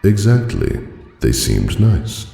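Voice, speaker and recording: A man voicing a haughty, cold tyrant king pony in a fan audiobook, speaking in a formal, deadpan and pompous manner with a gravelly voice. His voice carries a roomy reverb. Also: fairly low pitch, takes it slowly, pitched above the performer's own voice, exaggerated voice.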